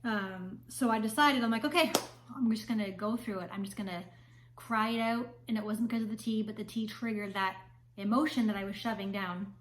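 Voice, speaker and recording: A woman's voice: mid-range voice, fairly even intonation, a little fast, rough recording. A woman, a spiritual mentor talking casually to camera in a chatty way, often checking in with "right?". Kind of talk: casual vlog talk to camera.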